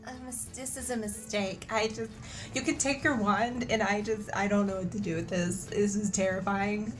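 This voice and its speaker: A woman's voice: mid-range voice, fairly even intonation, moderate pace, faint music behind. Flustered woman player. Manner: anxious, flustered.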